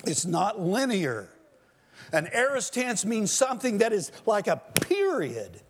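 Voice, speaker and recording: A man's voice: high-pitched, huge pitch swings, a little slow, slight background noise. A man preaching an expository sermon, explaining a text in an emphatic teaching manner and sometimes raising his voice for stress.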